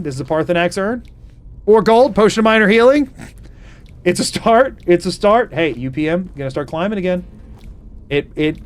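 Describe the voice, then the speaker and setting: Male streamer, lively swinging voice, slightly high, playful outrage, game music under. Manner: animated, mock outrage, quick asides to chat. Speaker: gaming streamer. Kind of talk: live gameplay commentary.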